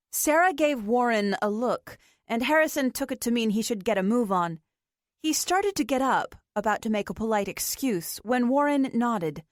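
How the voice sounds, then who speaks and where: A woman reading an audiobook as narrator in an even, measured way. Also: on the high side, no room sound, clean studio sound. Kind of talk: scripted narration.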